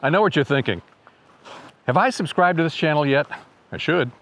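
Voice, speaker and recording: Brief: male birding host, somewhat high voice, chatty and joking, faint noise and birdsong behind. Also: lively intonation, fairly quick. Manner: chatty and wry, imitates birdsong by voice. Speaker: birding guide and video host. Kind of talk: casual educational video narration.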